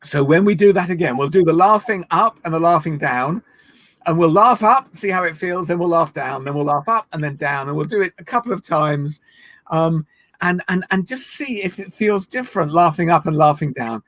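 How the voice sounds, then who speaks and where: A man leading an online laughter yoga session, playful and encouraging, breaking into laughs and shouts. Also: a little high, animated, normal speed, dry recording. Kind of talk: guided online laughter exercise. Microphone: video call.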